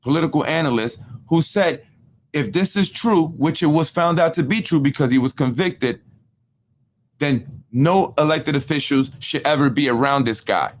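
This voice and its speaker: A man hosting a casual political commentary show, animated and repetitive, often asking "right?" and acting out what others said. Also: fairly high pitch, normal speed, a little hiss or hum. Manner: animated, repetitive, with frequent tag questions; acts out other people's speech in quoted voices. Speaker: political talk show host.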